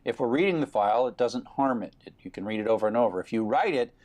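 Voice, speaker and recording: A man's voice: mid-range voice, lively intonation, quick pace, a little mellow. A man giving a recorded programming lecture, explaining steadily with fillers.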